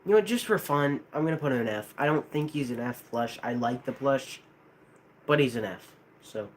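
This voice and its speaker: A man's voice: mid-range voice, normal speed, slight background noise. A young American man rambling casually to a live chat, hesitant, with many restarts. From United States. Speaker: streamer.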